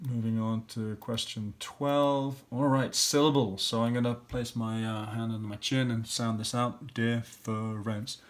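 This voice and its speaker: A man's voice: medium pitch, level tone, unhurried, few pauses. A man teacher working through practice questions, thinking aloud step by step and sounding out letters and syllables. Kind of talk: classroom lesson walkthrough.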